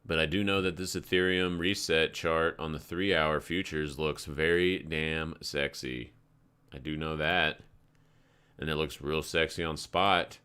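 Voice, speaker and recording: A man's voice: rumbling low, steady tone, measured pace, bright, forceful tone, smooth. A man hosting a live crypto trading stream, talking casually through charts and stories in a rambling, laid-back way and swearing freely. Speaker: crypto trading livestream host.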